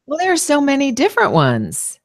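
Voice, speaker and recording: A woman's voice: high voice, wildly swooping pitch, brisk, no echo, clean studio sound. A woman voice actress talking as an interview guest, thoughtful, with many "you know"s and restarts. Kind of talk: casual interview conversation.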